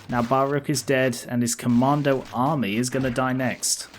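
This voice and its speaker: A man's voice: medium pitch, moderate pace, few pauses, slight background noise. A man casually commenting as he plays a role-playing video game, with a sarcastic, chatty manner. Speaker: let's play host.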